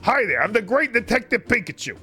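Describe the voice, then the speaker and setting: A man's voice: very high voice, very animated, a little fast, sharp tone, voice pushed up, full character voice. Detective Pikachu, read by a man, confident and inquisitive. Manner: self-assured, inquisitive. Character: confident small male electric-mouse detective.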